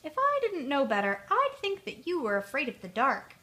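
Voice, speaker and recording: A woman voicing a gentle, sleepy, slow-witted male bear in a storybook, soft and unhurried. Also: sits high, wildly swooping pitch, voice pushed up, exaggerated voice.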